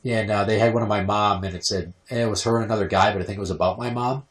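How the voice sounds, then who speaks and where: A young man hosting a podcast, telling crude, sarcastic stories full of swearing and sometimes mimicking his mother in a shrill voice. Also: steady tone, very fast. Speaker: podcast host. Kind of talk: crude comedic storytelling.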